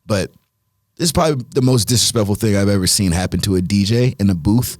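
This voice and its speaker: A man from the Washington DC area, a guest DJ talking in an emphatic, lively way with lots of "like" and "you know". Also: lowish voice, fast talker, no room sound, clean studio sound. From Washington DC area, USA. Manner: emphatic, filler-heavy, lively. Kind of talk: casual interview chat.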